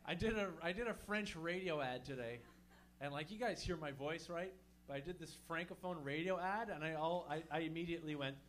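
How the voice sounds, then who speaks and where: A man's voice: a little high, fairly quick, fairly bright tone. A man from Montreal doing a stand-up set, loose and profane, chatting with the crowd between jokes. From Montreal, Canada. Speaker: stand-up comedian. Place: comedy show in a small venue.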